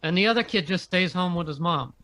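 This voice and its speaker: A man's voice: sits high, expressive, a little fast, bright, forceful tone, dry recording. A man co-hosting and running the audio on a podcast, talking hesitantly with many fillers. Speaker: podcast co-host, producer. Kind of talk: casual chat.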